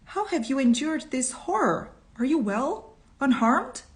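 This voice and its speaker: A jittery young fiancé in a read-aloud story, his voice pitched up high and pushed loud, as a woman reader puts him on. He talks fast and urgently, stumbling over his words. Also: sing-song. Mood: anxious. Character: agitated young man, fiancé, suspicious and hostile.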